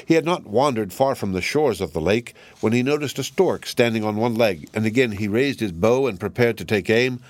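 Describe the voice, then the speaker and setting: A man narrating a fairy tale in a measured, even storybook reading. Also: fairly low pitch, no room sound.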